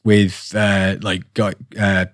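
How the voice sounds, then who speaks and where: A man's voice: deep voice, little pitch movement, slow, dry recording, clean studio sound. A tired man from England co-hosting a podcast in casual chat, rambling with lots of fillers and restarts. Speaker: podcast co-host.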